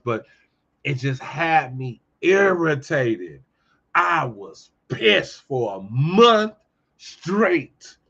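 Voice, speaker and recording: A man hosting his own show, giving a heated, profane commentary monologue and telling animated stories. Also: on the high side, lo-fi sound. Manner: profane, ranting, animated storytelling. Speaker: podcast host.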